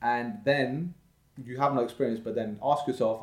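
A man with a London-area English accent talks with emphatic, upbeat conviction, as if coaching listeners. His voice sits at an ordinary middle pitch. The room rings back with a noticeable echo. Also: steady tone, moderate pace. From Slough, England. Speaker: guest, property investor. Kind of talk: casual podcast conversation. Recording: roomy echoey room.

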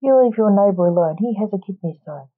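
A woman's voice: medium pitch, expressive, fairly quick, phone-quality sound, natural voice. A woman voicing an exasperated male hospital doctor in a read-aloud story.

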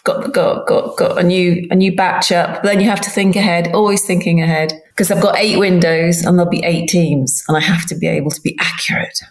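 Amused woman pundit, lower voice. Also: fairly even intonation, brisk, hardly any pauses. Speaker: football writer and pundit. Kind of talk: casual podcast chat.

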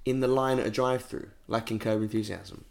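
A man's voice: on the low side, a little fast, vocal fry. A man chatting casually, crude and full of jokes and swearing. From England. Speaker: musician guest. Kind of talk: casual chat.

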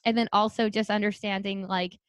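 A woman speech therapist co-hosting a podcast, talking in a chatty, animated way with lots of "like". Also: mid-range voice, clean tone, no room sound. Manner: chatty, quick and animated, filler-heavy. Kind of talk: casual chat.

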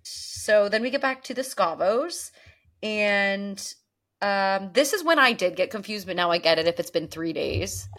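A woman's voice: medium pitch, expressive, measured pace, fairly bright tone. A woman co-hosting a podcast, chatting casually and animatedly acting out characters' lines as she recaps an episode. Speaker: podcast co-host.

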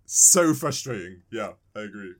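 Man, podcast co-host, casual chat, lively pitch, rambling, repeats words. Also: normal speed.

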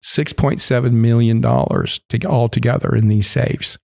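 A man guest in an interview, telling a rambling story full of swearing, now and then acting out other people's shouts. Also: fairly even intonation, normal speed, vocal fry. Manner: acts out other people's shouting in sudden high bursts. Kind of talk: casual storytelling.

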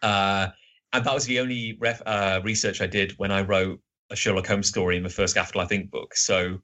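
A British man chatting as a podcast guest, his voice a little husky, hesitant and full of fillers and restarts. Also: deep voice, little pitch movement, moderate pace, bright, forceful tone, dull audio. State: slightly husky. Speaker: guest writer. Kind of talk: casual podcast chat.

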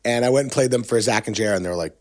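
With a medium-pitched voice, the middle-aged songwriter and agent races through a story in casual talk, animated, quoting others and leaning on plenty of fillers.

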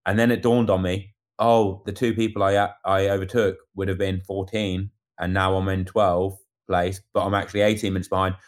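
A man casually telling a lively story about a bike race, acting out what people said. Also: low voice, normal speed. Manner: animated storyteller acting out quotes. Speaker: amateur cyclist recounting a race. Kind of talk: casual chat.

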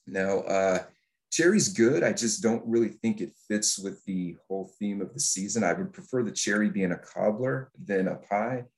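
Low-voiced texan guy on a radio show, relaxed, chuckles and thinks out loud. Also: moderate pace. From Texas. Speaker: guest military historian. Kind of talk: casual radio chat.

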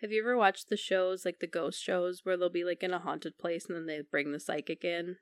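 A woman co-host tells stories in relaxed podcast chat, slipping into little acted-out quotes. Her voice is slightly low, and the recording is dry and close, with no room echo. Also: a little fast, clean tone. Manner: animated storytelling with acted-out quotes. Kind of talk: casual chat.

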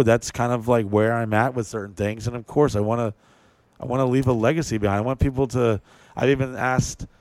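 A man's voice: mid-range voice, dry recording. A man hosting a podcast, talking in a loose, rambling way, swearing a lot and hammering his points home. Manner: profane, rambling, emphatic. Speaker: podcast host. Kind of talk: casual chat.

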